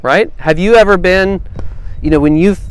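A man's voice: high-pitched, moderate pace, clear, resonant tone. A man leading a small-group Bible study, thinking aloud and asking the group questions in a casual, conversational way.

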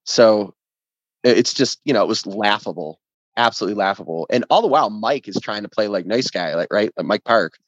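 A man guest telling a story on a podcast, animated, swearing freely and acting out what others said. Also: on the low side, a little fast, no room sound. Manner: animated, acts out quoted voices, swears freely. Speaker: band member guest. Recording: dull lo-fi dry sound.

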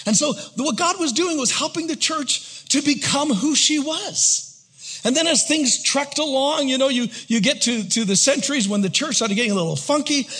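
A man preaching from the pulpit with a high, husky voice. He swings between bursts of excited intensity and hushed, near-whispered passages, pulling the congregation in close. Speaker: pastor. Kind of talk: sermon.

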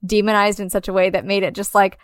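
A woman's voice: medium pitch, flat delivery, fast talker, clear, resonant tone, no room sound, studio quality. Rambling woman chatting about a film. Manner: rambling, full of "like" fillers, quotes people in a put-on voice. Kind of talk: casual chat about a film.

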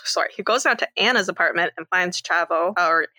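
A woman from Canada co-hosts a casual film podcast and walks through the plot scene by scene. Her voice is bright and a bit low. She is recorded dry and close. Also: brisk, no echo. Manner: retells scenes, acts out quoted lines, laughs often. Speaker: podcast co-host. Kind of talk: casual movie recap chat.

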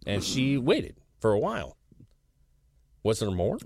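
Lively, low-voiced crude male co-host. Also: a little slow, gravelly, no echo, studio quality. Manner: crude, chatty, says "bro" and "you know what I'm saying". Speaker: podcast co-host. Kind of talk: casual chat.

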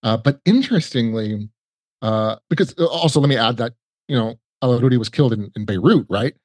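A man's voice: mid-range voice, lively intonation, fairly quick, a little mellow, no room sound. Rambling male podcast guest, dry sound. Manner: rambling, many restarts and fillers. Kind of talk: casual conversational storytelling.

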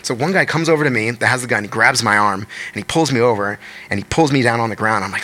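A man, a musician, telling a story in a fast, animated podcast chat, with lots of swearing. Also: medium pitch. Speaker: guest musician.

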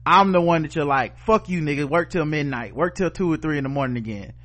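A man's voice: a little high, brisk, fairly bright tone. A middle-aged man co-hosting a podcast, telling a story in casual chat with blunt, profane language and acted-out quotes. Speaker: podcast co-host.

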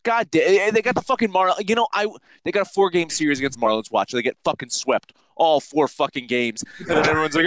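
A man's voice: sits high, fast, few pauses, dry recording, rough recording. A man co-hosting a casual sports podcast, ranting and swearing a lot. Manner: profane, ranting, animated. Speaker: podcast co-host.

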